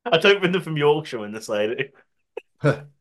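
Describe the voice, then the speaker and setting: A man's voice: fairly high pitch, sing-song, normal speed, a bit bright. A man co-hosting a podcast, giggling and reacting to jokes. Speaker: podcast co-host. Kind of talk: casual comedic chat.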